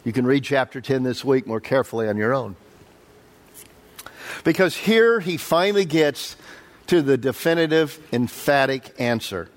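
A man preaching a conversational Bible-study sermon, quizzing the audience and voicing quotes with animated leaps. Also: normal speed. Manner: animated, jumps up in pitch for quotes. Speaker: pastor. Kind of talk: sermon, verse-by-verse Bible teaching.

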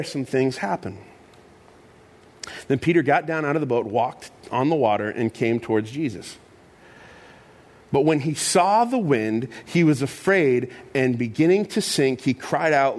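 A man delivering a sermon in a loose, chatty way, full of asides and retold dialogue. His voice sits a bit high and moves freely in pitch as he acts out the story. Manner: conversational, animated storytelling with asides. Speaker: pastor.

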